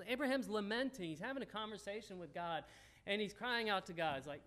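A man's voice: high-pitched, brisk, fairly bright tone. A man preaching a sermon in a folksy, conversational teaching style, talking directly to the congregation. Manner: folksy, talks straight to the congregation.

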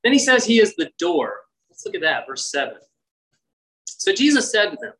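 A man preaching a sermon, expressive, acting out quoted lines with big shifts in pitch. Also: normal speed, low-quality recording. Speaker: pastor.

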